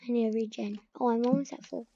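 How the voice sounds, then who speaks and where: A woman's voice: on the high side, steady tone, quick pace, warm tone. A teenage girl chatting casually while playing a game, slipping into whispers and sung bits. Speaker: gamer. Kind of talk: casual gameplay commentary. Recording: dull lo-fi mic with faint noise.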